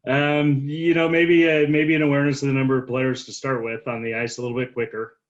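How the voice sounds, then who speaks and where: A man's voice: medium pitch, flat delivery, brisk. A man on a panel who teaches officials, talking in a thoughtful, hedging way over a video call. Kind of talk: casual panel discussion. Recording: dull lo-fi call audio.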